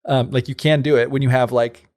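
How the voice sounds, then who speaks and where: A man's voice: medium pitch, fairly even intonation, brisk, a little mellow. A man co-hosting a podcast, retelling a fairy tale in a rambling, casual way full of "like" and side remarks. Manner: rambling, many likes and asides. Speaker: podcast co-host. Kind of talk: casual storytelling chat.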